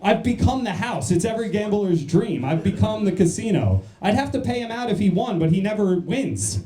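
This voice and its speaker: A man from New Jersey works a comedy club crowd with crude, self-mocking jokes and quick jabs at the audience. His voice sits a little high and has a mellow, unforced tone. The stage mic picks up the echoey room around him. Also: very animated, slight background noise. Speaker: stand-up comedian. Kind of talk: stand-up set.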